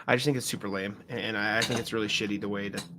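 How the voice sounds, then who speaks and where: A man's voice: on the low side, steady tone, racing, sharp tone, a little hiss or hum. A young man co-hosting a podcast, reading listener email aloud with slips and self-corrections. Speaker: podcast co-host.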